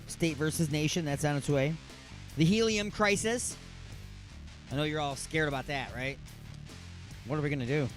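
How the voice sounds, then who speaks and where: A man's voice: on the high side, fairly bright tone. A man hosting a comedic radio talk show, rambling and jokey, repeating himself and stretching words for effect. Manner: rambling, jokey, mock-outraged.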